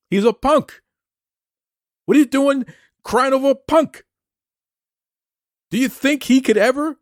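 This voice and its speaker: Animated, combative man ranting. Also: high voice, no room sound, studio quality. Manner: taunting, combative, fires rhetorical questions. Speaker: wrestling show host. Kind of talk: opinionated wrestling commentary rant.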